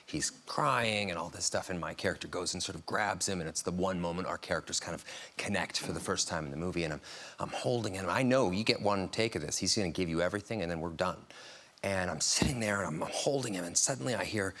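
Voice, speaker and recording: A man's voice: sits low, fast, fairly bright tone. A man on a talk show telling a funny story, laughing often as he goes. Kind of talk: animated anecdote telling. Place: TV studio.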